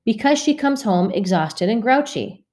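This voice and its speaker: A weary mother with a clipped, scolding voice that leaves no room for argument, as a woman reader puts her on. Her tone sits a little higher than the reader's low narration and stays firm. A storybook parent, cross and worn out. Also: lively intonation, moderate pace, a little mellow, close to an everyday voice.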